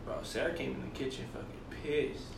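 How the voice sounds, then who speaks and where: A man's voice: medium pitch, steady tone, brisk, gravelly, noisy background. A man in casual chat with coworkers, insisting on his points and swearing freely. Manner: insistent, says bro a lot, swears. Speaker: restaurant worker. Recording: echoey room, far from mic.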